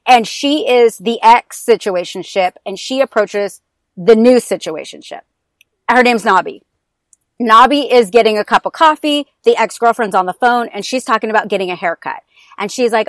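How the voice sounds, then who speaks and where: Woman on a podcast, kinda high voice, sassy and animated, dry close sound. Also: moderate pace, dry recording. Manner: animated storyteller who acts out scenes; sassy, emphatic. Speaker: podcast guest. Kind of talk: casual chat about TV dramas.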